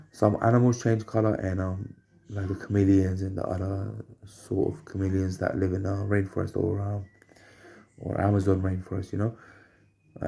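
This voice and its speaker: A man with a very deep, gravelly voice tells rambling personal stories at home. His tone is dark and mellow. He talks haltingly and often repeats phrases while he searches for words. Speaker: storyteller.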